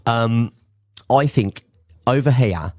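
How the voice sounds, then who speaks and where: A man's voice: medium pitch, slow, darkish tone. A man co-hosting a radio chat show, talking in a rambling, joking way with lots of restarts. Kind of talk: casual chat.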